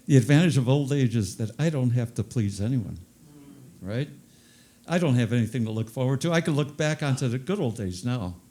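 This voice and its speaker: An older man working a stand-up set in an ordinary mid-range voice. He mocks himself with easy, unhurried timing and says his punchlines twice. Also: mid-range voice, expressive, warm tone. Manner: self-deprecating, with repeated punchlines. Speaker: stand-up comedian. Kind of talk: stand-up comedy routine.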